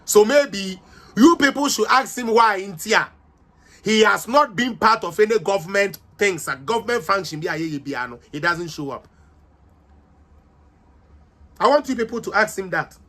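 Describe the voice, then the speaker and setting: A man's voice: sits high, animated, normal speed, sharp tone. A Ghanaian-accented man hosting a livestreamed political commentary, combative and mocking as he switches between languages.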